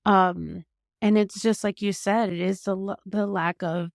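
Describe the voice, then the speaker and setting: A woman hosts a podcast in a loose, chatty way, full of "like" and "literally." Her voice carries a lot of vocal fry. The recording is dry and close. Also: mid-range voice, fairly even intonation, unhurried, no room sound. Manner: chatty, many fillers like "like" and "literally". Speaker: podcast host. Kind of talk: casual conversational interview.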